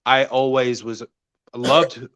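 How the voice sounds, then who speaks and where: A man's voice: mid-range voice, slow pace, no room sound, dull audio. A man from the American South, a guest telling stories in casual conversation, laughing often. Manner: laughs often, relaxed storytelling.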